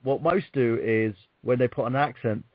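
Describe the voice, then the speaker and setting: Male podcast host, mid-pitched, hesitant, rambling; muffled lo-fi recording. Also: moderate pace. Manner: rambling, hesitant, with many restarts. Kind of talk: casual chat.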